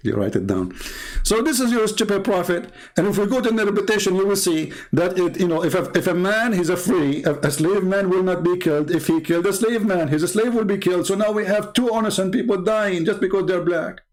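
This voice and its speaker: A man with a fairly high voice talks in a sarcastic, mocking way. He delivers a polemical monologue to a live-stream audience and chuckles at his own jabs. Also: expressive, moderate pace, a little mellow.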